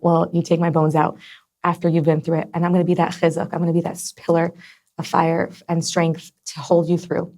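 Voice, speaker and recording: A woman's voice: lowish voice, mellow. A young adult woman as a podcast guest, talking in an earnest, heartfelt way with many fillers. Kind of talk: personal conversation.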